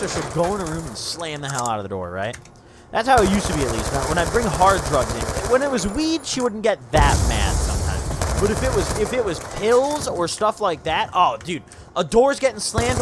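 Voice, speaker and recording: Young male gaming host, animated, higher-pitched and profane, with gunfire behind. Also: noisy background. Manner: profane, rambling, says "dude" constantly. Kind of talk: casual storytime over gameplay. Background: game gunfire and vehicles.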